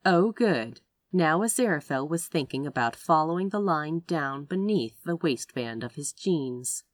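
Woman narrator, low voice, very lively pitch, dry close sound, expressive story reading. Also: measured pace, dry recording. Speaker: audiobook narrator. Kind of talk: reading a romance story aloud.

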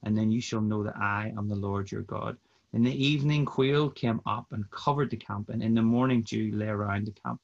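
A man's voice: on the low side, moderate pace, creaky, dull audio. A man who is a podcast guest, chatting easily and reading scripture steadily over a video call. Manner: easygoing, reads scripture steadily. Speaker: podcast guest, mission partner. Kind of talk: casual chat and scripture reading.

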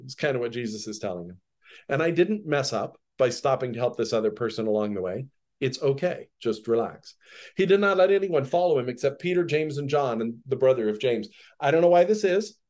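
A man's voice: medium pitch, expressive, a little fast, a little mellow. Chatty male podcast Bible teacher. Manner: conversational, laughs often, reads a passage then comments.

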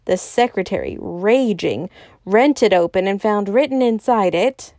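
A woman podcast storyteller reading a classic novel aloud in a calm, even voice. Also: medium pitch, a little slow, no echo. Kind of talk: scripted narration of a classic novel.

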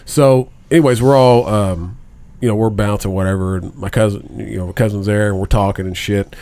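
A man's voice: fairly low pitch, steady tone, a little fast, dark tone. A man in his thirties telling a rambling, profane story in casual chat, laughing often. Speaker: podcast co-host.

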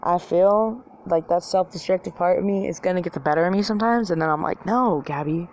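A woman's voice: fairly low pitch, fast, darkish tone, lo-fi sound, slight background noise. Rambling, profane young woman. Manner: rambling, profane, self-mocking, filler-heavy. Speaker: vlogger. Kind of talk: casual rant to camera.

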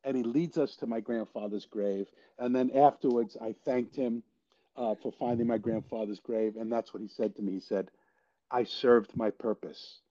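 An older actor telling a story in a casual interview, animated and quoting the people in it. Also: male voice, mid-range voice, normal speed. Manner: animated storyteller, quotes people in his tales. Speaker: guest actor. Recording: dull lo-fi audio.

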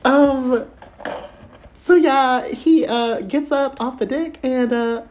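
A young man co-hosting a podcast, chatting casually and teasing his friend with quick interjections. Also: very high-pitched. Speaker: podcast co-host. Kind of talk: casual chat. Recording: crunchy lo-fi audio.

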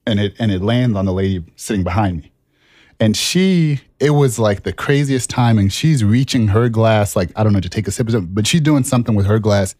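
A man co-hosting a podcast, telling a personal story in a relaxed, animated way and laughing at himself as he goes. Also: fairly low pitch, fairly quick, no room sound. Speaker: podcast co-host. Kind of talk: casual storytelling chat.

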